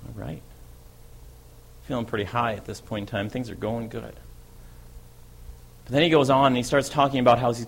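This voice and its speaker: Speaking as the apostle Peter, an eager and impulsive follower, a man narrates his own tale in a dramatic first-person monologue. His lively delivery picks up speed and grows louder in excited moments, and his voice is mid-range and natural.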